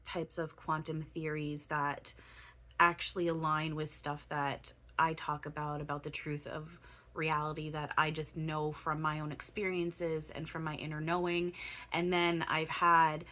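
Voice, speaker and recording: A woman in her thirties talks to her own camera in a loose, searching way, pausing often with ums as she looks for her words. Her voice sits very low and still sounds freshly woken. It comes across as an unscripted spiritual monologue. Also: sharp tone. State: voice still waking up. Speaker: spiritual channeler.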